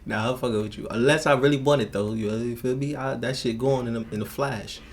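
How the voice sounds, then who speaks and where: A man hosting a reaction video, talking in profane street slang with animated outbursts. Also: medium pitch, fairly quick, slight background noise. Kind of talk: casual commentary over a clip.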